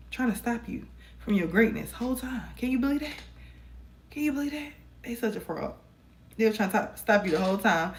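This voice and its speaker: A woman giving a casual tarot reading to her viewers, chatty and encouraging, calling them y'all, recorded on a phone camera. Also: fairly low pitch. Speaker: tarot reader.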